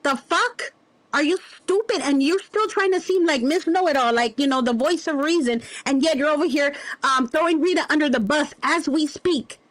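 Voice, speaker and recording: Brief: woman streamer, high voice, dry close sound, foul-mouthed confrontational rant. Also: dry recording. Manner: profane, confrontational, drawn-out insults. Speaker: livestream host. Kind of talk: heated livestream rant.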